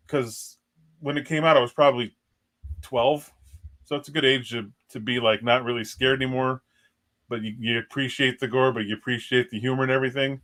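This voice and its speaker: Bright-voiced man rambling with laughs. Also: mid-range voice. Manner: rambling, laughs often, many restarts. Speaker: guest. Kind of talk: casual podcast chat.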